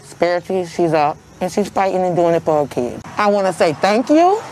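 A woman's voice: fairly low pitch, very animated, a little fast, a little mellow, soft background music, low-quality recording. A middle-aged woman giving a heartfelt, tearful interview as a victim's aunt. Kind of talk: emotional interview.

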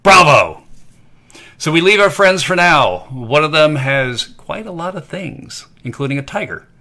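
Playful, lively-voiced male language teacher. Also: on the high side, normal speed. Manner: playful, repeats phrases for learners to echo. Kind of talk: scripted narration for a kids' lesson.

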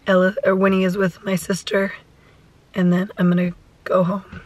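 A woman in her thirties with a hoarse voice, talking softly and a little anxiously in a casual vlog. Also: fairly low pitch, monotone, moderate pace, dry recording, low-quality recording. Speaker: vlogger mother.

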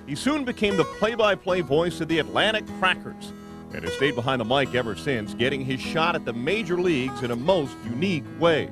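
A man narrating a documentary tribute in a measured, scripted delivery. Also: a little high, expressive, music in the background.

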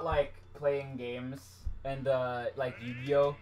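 A man's voice: medium pitch, flat delivery, slow, a bit bright, muffled recording, soft background music. A man casually commentating his own gameplay on a live stream, self-mocking and swearing when frustrated.

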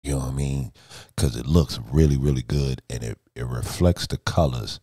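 In a warm, extremely low voice at a moderate pace, with no echo, a middle-aged man streams casually from his home studio. The streamer and music video director brags, jokes, swears, and rambles loosely from one tale to another.

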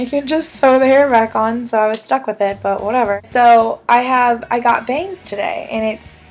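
A woman's voice: a little high, fairly even intonation, normal speed, few pauses, faint music behind. A young woman vlogging casually to camera, chatty and giggly with lots of filler words.

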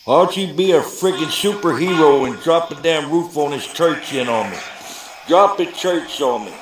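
A man's voice: a little high, expressive, moderate pace. A man with a drawl, a paranormal investigator taunting spirits in a mocking, provoking way inside an abandoned church. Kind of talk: taunting spirits on a ghost hunt vlog. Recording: echoey empty building, background noise.

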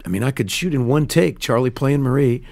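Gravelly-voiced man telling a story. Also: medium pitch, brisk. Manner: earnest, animated storytelling with restarts. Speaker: film director. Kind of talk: casual studio interview. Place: radio studio.

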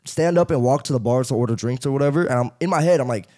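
A man's voice: medium pitch, quick pace, warm tone. A young man co-hosting a podcast, telling a story in laid-back slangy chat, often repeating his words as he starts. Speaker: podcast co-host.

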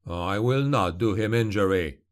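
A man voicing a grim male witch hunter in an audiobook, speaking slowly, low and cold. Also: lightly acted. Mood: cold menace. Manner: slow, low, cold snarling delivery. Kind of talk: audiobook character voice.

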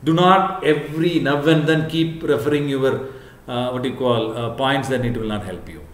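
A male professor giving an earnest lecture to camera, repeating his points and often pausing on "what you call". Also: mid-range voice. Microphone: camera, speaking to camera. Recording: echoey room.

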